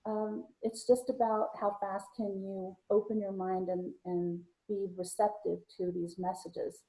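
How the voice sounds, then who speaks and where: A woman with a medium-pitched, warm voice and flat delivery co-hosts a live video-call show as a psychic medium. She chats casually and tells anecdotes, quick to laugh. The audio quality is poor.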